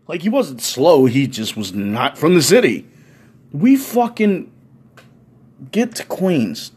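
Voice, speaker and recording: A young man spinning a comic story on a podcast, swearing freely and playing every beat for laughs. His voice is a bit high for a man and carries a husky grain. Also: slow, long pauses. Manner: profane, animated, playful. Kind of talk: comedic storytelling.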